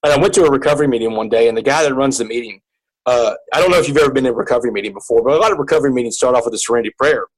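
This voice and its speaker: A man's voice: medium pitch, racing, low-quality recording. A man as an interview guest, telling a personal story in an earnest way, often repeating and restarting his words.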